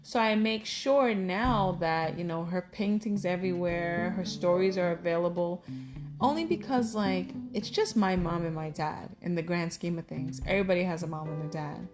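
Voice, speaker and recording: A woman's voice: lowish voice, normal speed. Heartfelt woman talking with music behind. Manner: candid, heartfelt, rambling with fillers. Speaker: vlogger. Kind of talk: casual personal talk to camera.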